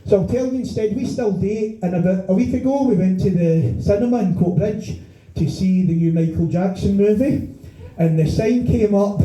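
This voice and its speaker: Ranting middle-aged Scottish stand-up comic. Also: male voice, high voice, moderate pace, mellow. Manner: profane ranting, exasperated rhetorical questions. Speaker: stand-up comedian. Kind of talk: stand-up comedy set. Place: small bar venue stage. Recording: echoey bar room.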